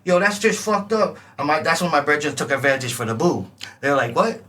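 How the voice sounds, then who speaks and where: Man, high bright voice, storyteller, faint background noise. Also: fairly quick. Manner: animated, laughing storyteller, acts out scratches and vocal lines. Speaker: music producer guest. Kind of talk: casual storytelling chat. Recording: distant mic with faint ambient noise.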